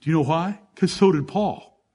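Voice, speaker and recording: A man's voice: on the high side, normal speed, mellow. A man preaching a sermon, teaching through Bible verses one by one in an emphatic way and asking the congregation rhetorical questions.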